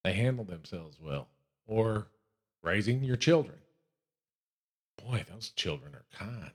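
A very deep-voiced man with a Texan accent speaks earnestly and reflectively in a casual faith podcast conversation. His delivery is unhurried and sincere. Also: lively intonation, husky. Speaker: podcast co-host.

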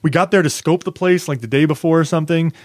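A man's voice: on the high side, fast, no echo, clean studio sound. A man co-hosting a podcast, rambling through a story in casual chat and acting out the quotes. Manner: rambling, animated storyteller who acts out quotes. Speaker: podcast co-host.

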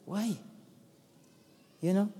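A South African man preaching a sermon as pastor, earnest and building to emphatic shouts. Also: sits high, very slow, husky. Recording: long hall reverb.

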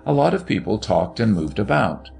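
A man narrating a story aloud in an expressive, dramatic reading. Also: fairly low pitch, normal speed, vocal fry, soft background music.

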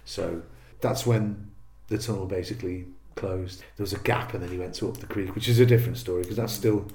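A man from Liverpool, a comedian, tells gig stories in a relaxed, casual chat. His delivery is lively: he jumps up for the punchlines and drops low for the asides. The room around him is echoey. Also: brisk. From Liverpool, England. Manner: animated storyteller, acts out heckles in quoted voices. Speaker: comedian guest.

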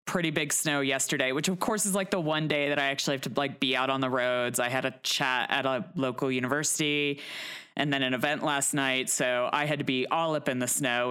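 A woman from Texas, a podcast co-host living in Colorado, chatting casually and relaxed about her week and family. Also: very deep voice, smooth. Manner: chatty, relaxed, quotes others in lively voices. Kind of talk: casual chat. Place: home in Colorado.

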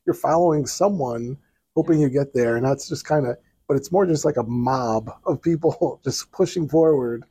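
A man co-hosting a podcast in casual chat, relaxed and chiming in with complaints. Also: mid-range voice, slightly rough, no echo. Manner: relaxed, backchanneling, quick complaints. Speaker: podcast co-host. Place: hotel balcony outdoors.

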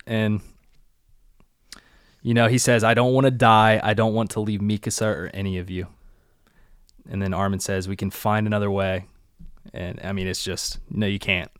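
Young male co-host, relaxed recap chat, low and smooth, dry mic. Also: normal speed, long pauses, dry recording. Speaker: podcast co-host.

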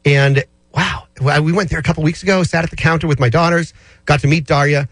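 A man's voice: on the high side, steady tone, fast talker, fairly bright tone, no room sound. A man hosting a casual radio talk show, chatty and rambling. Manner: chatty, rambling, with many fillers and restarts. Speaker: radio show host answering listener finance questions.

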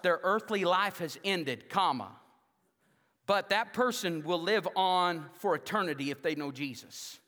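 A male pastor preaching a sermon in a church, rousing the congregation, then dropping to a hushed, intimate tone. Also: sits high, big-room sound. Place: church sanctuary.

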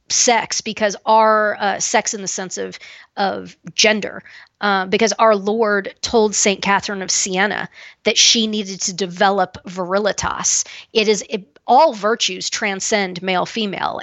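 A woman's voice: medium pitch, fairly bright tone, no room sound. A woman co-hosting a podcast, giving blunt, emphatic opinions with frequent restarts. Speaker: podcast co-host. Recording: dull, lo-fi dry sound.

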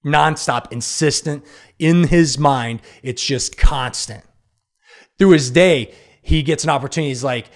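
A man with a somewhat high speaking voice gives a motivational monologue. He tells an everyday story with lively delivery and acts out the nagging inner voices in quick turns. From Kansas City area, United States. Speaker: podcast host.

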